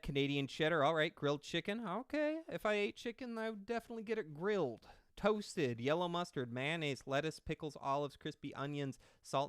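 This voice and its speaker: A man's voice: medium pitch, a bit bright, clear, resonant tone, dry recording, studio quality. A man doing casual reaction commentary, rambling and sarcastic with lots of swearing.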